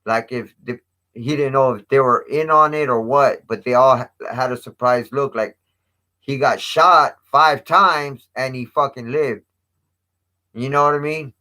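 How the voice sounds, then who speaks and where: Speaking at a medium pitch with a pushed, bright sound, this channel host casually narrates a story for his live chat. He uses heavy profanity and street slang, and he raises his voice to quote others.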